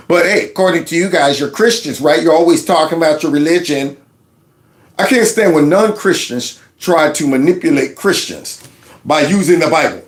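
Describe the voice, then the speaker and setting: A man hosting casual political commentary, talking in an animated, mocking way and laughing often. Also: on the high side, moderate pace. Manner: quotes others in a mock voice. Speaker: commentary host.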